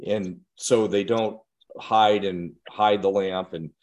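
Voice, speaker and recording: Earnest low-voiced male instructor. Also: fairly even intonation, slow pace, a little mellow, dull audio. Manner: earnest, direct, addresses listeners with questions. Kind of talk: instructional talk to parents and educators.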